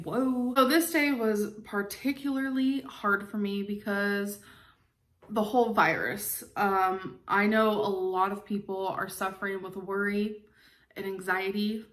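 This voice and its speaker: A woman's voice: mid-range voice, a bit bright. Emotional woman vlogger in her twenties. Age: 20s. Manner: emotional, rambling with fillers. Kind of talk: confessional vlog.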